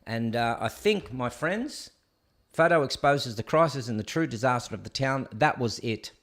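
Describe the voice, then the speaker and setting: A man hosts a live stream and rants at his viewers with a sarcastic edge. His voice sits at an ordinary middle pitch, and he talks straight to the audience. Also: animated, moderate pace, a bit bright. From Australia. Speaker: host. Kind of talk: opinionated live-stream commentary.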